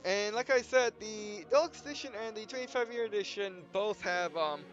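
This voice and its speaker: A young man hosting a let's play, out of breath and rambling with halting restarts as he talks through a game. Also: high voice, fairly bright tone. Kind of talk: casual gameplay commentary. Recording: dull lo-fi mic with faint game music.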